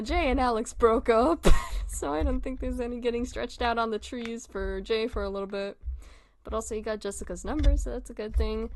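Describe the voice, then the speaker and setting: Young woman streamer, chatty and scattered, often laughing, mid-pitched, close dry mic. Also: no echo. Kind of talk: casual live-stream commentary.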